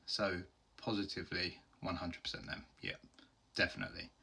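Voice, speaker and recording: A man's voice: deep voice, little pitch movement, normal speed, vocal fry, sharp tone, slightly rough. A man hosting a solo question-and-answer video, talking in an open, earnest and heartfelt way in plain everyday words. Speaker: host answering viewer questions. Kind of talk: candid solo Q&A.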